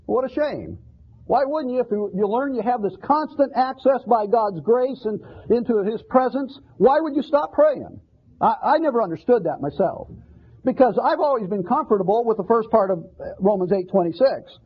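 A pastor with an extremely high, husky voice preaches at a normal speed, expressive, earnest and conversational. He often repeats words and asks rhetorical questions, and the recording sounds dull and lo-fi.

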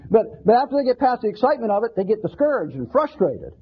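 A man's voice: sits high, sing-song, fast, breathy edge. A man preaching a sermon, earnest and conversational, often repeating words and asking rhetorical questions. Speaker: pastor. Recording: dull lo-fi sermon recording.

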